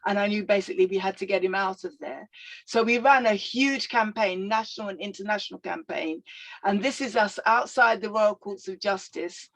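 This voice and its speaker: Older woman, storytelling talk, animated and reflective, um's here and there. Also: medium pitch, normal speed, poor audio. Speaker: guest speaker.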